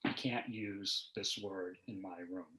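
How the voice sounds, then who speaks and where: Older man, measured and thoughtful. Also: low-pitched, steady tone, sharp tone, roomy sound. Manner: measured, thoughtful storytelling with hesitations. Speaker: host. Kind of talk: casual conversation.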